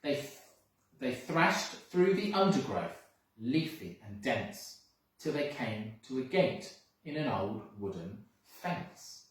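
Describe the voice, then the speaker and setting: In an echoey room with the mic far away, a school reader slowly reads a picture book aloud. The mid-range voice carries an expressive, sing-song storytelling style.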